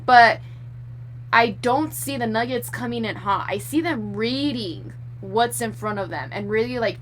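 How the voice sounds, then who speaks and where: Animated, foul-mouthed young woman tarot reader. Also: a little high, slight background noise. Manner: animated, swears freely, apologizes often. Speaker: tarot reader predicting basketball games. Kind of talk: casual chat to camera.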